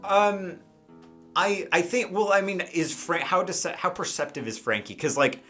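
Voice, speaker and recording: A man's voice: high voice, expressive, measured pace, sharp tone, soft background music. A man running a tabletop role-playing game as game master, narrating loosely and using many fillers like "um" and "like".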